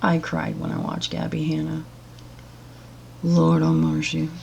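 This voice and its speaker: A woman's voice: low-pitched, monotone, a little slow, gravelly, darkish tone, highs cut off, a little hiss or hum. A woman giving blunt, profane and sarcastic reaction commentary as a vlogger.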